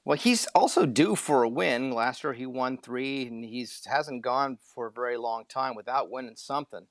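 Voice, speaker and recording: A man's voice: medium pitch, normal speed, no echo. A man co-hosting a sports podcast, chatting casually in a rambling way with folksy joking asides.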